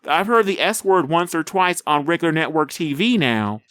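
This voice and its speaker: A man's voice: on the high side, animated, moderate pace, fairly bright tone, clear, resonant tone, dry recording. A man co-hosting a podcast, chatting casually about a movie trailer and rambling with many fillers and restarts. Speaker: podcast co-host. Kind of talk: casual chat reviewing a trailer.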